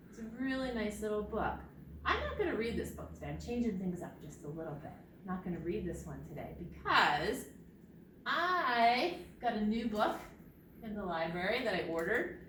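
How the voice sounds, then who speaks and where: This children's librarian, a young woman, has a mid-range, fairly bright voice as she leads preschoolers through storytime in the library. Singing her words, she gets them to chime in with bird calls and movements. Slight background noise, faint ambience, and echo from a far-off mic color the recording.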